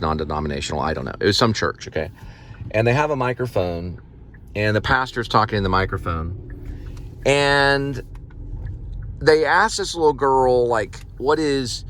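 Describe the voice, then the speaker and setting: A man with a fairly low voice talks to the camera from inside a vehicle in a loose, rambling monologue. He often slips into preachy, exhorting lines. Clear vehicle noise hums under his voice throughout. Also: lively intonation, normal speed, fairly bright tone. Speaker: vlogger and food delivery driver.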